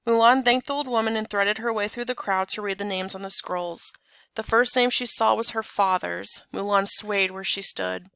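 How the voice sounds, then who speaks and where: A woman reading a children's story aloud in an expressive, clear narrating voice. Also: medium pitch, normal speed, no room sound. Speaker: storybook reader. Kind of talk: scripted narration.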